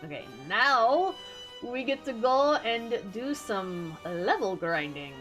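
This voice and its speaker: A woman's voice: fairly high pitch, very animated, slow pace, fairly bright tone, faint music behind. A woman streamer giving casual, playful and self-mocking commentary while playing a game.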